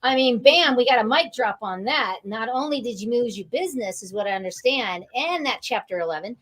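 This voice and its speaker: A woman's voice: on the high side, lively intonation, fairly quick, fairly bright tone. A woman hosting an interview show, upbeat and encouraging, welcoming viewers by name. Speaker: talk show host.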